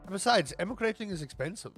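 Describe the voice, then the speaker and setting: A man's voice: high-pitched, lively intonation, fast, a bit bright, faint music behind. A young South African man with a South African accent, chatting casually and rambling on a gaming livestream, now and then exclaiming at mishaps.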